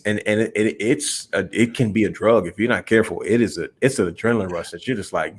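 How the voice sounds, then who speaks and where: A young man with a fairly low voice co-hosts a casual podcast chat. He tells long stories in a relaxed, rambling way and calls his co-host bro. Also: brisk, hardly any pauses, breathy edge.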